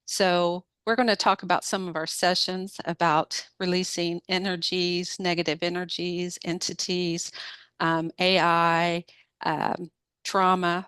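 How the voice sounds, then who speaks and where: A woman host with a lowish, smooth and clear voice opens a casual talk. She speaks in a relaxed, unhurried manner. The sound is dry and close. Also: no echo. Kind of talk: casual podcast introduction.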